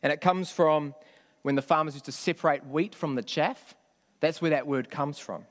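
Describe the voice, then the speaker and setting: A man with a fairly high voice speaks at normal speed, preaching a sermon in a conversational style and often putting questions to the congregation. The recording carries a long hall reverb.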